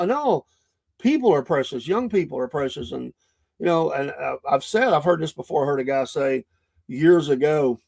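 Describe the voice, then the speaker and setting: A middle-aged podcast host with a Southern US accent delivers a casual, rambling monologue packed with restarts and fillers. His voice is on the high side, gravelly and darkish in tone.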